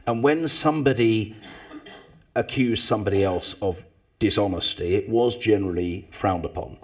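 A man, telling anecdotes to a live audience, with loud mimicking bursts. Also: fairly low pitch, normal speed. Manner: animated storyteller, mimics others with loud bursts. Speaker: former parliamentary speaker, guest.

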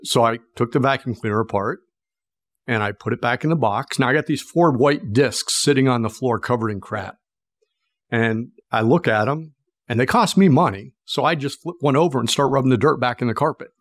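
A middle-aged man from Pennsylvania tells a story as an interview guest, acting out the people in it with lively shifts in his voice. He sits at mid pitch and sounds close and dry, with no room around him. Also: brisk, no echo. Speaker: guest, sales expert.

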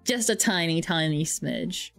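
Playful woman streamer, animated storytelling. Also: lowish voice, unhurried, vocal fry, faint music behind. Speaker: streamer playing a survival game. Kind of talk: casual gameplay chat.

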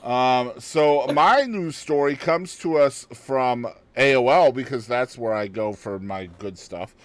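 A man's voice: mid-range voice, unhurried, no echo. A man co-hosting a podcast, reading out a news story in casual chat and adding joking asides with frequent laughter. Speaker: podcast co-host.

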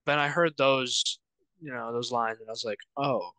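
A young man from Wyoming co-hosting a casual music chat, animated and laughing often as he trails off and restarts. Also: mid-range voice, normal speed, clear, resonant tone, no echo, rough recording. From Wyoming, United States. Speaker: podcast co-host presenting songs.

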